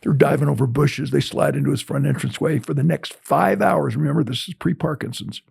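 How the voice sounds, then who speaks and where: Gravelly, mellow, older man, interview guest, animated storytelling. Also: a little high, a little fast. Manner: animated storyteller, acts out dialogue. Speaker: guest motivational speaker.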